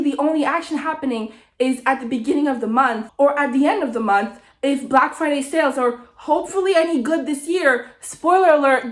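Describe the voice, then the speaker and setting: A young woman vlogging a casual, animated rant, a little sick and swearing often. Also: high voice, roomy sound. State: slightly sick. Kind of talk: casual ranting monologue.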